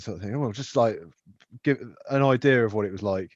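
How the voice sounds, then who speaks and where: A young man co-hosting a podcast, telling stories with lots of swearing and animated voices. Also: fairly low pitch, a little fast, no echo, highs cut off. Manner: swears a lot, animated storytelling. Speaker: podcast co-host. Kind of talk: casual chat.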